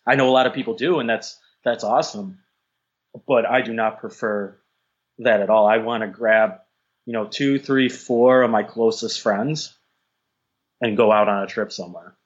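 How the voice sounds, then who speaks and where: A man's voice: fairly low pitch, steady tone, normal speed, slightly rough, highs cut off. A man speaking as a guest on a podcast, earnest and casual, often repeating words as he thinks.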